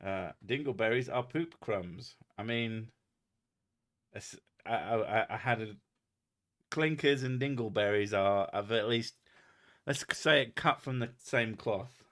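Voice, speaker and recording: A man with a somewhat low voice hosts a loose livestream chat, reading viewer messages aloud. He is from England, jokes constantly, swears freely and laughs at his own remarks. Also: unhurried, a bit bright. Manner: jokey, swearing, reads comments aloud and laughs a lot.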